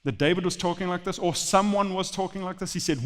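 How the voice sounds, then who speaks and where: Male pastor preaching, pretty high voice, repeats stuff a lot, big church echo. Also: fast talker, few pauses. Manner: animated storytelling with repeated phrases. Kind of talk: sermon. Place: church sanctuary. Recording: long church hall reverb.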